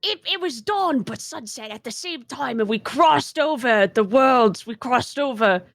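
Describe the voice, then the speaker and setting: A woman's voice: high-pitched, lively intonation, a little slow, creaky, no echo, clean studio sound, full character voice. A woman voicing an ancient, forgetful female gnome who was once a pirate, rambling in a mock-pirate way. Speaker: player.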